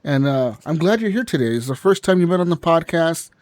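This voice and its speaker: A man hosting a gaming podcast with a fairly high voice in a dry, close recording. His talk is loose and jokey, with frequent laughs and casual swearing. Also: animated, a little fast, darkish tone, dry recording. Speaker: podcast host.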